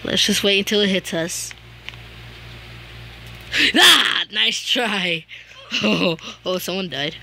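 A woman giving casual gameplay commentary, excitable, humming little tunes and yelping and shouting at other players. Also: lowish voice, moderate pace. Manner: hums and sings little tunes while playing. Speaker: gamer.

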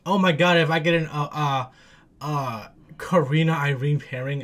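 A man hosting a music video reaction, excitable and swearing freely, talking to himself and squealing when thrilled. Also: fairly high pitch, normal speed. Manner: talks to himself aloud. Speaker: reaction channel host. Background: faint music video playing.

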